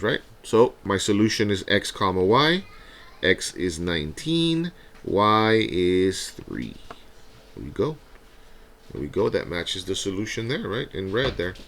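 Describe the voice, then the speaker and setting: A man with a deep voice and some vocal fry explains a math problem one step at a time. He teaches in a recorded review video and keeps checking in with his viewers. His tone stays conversational and patient. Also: a bit bright. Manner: talks through each step, often adds "right?".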